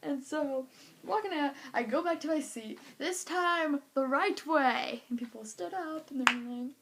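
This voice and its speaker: A woman with a high voice tells a story to her camera in a casual vlog. She is animated and acts out each reaction, scattering "like" through her sentences. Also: a little slow, slight background noise. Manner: animated, acting out reactions, lots of "like". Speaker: vlogger.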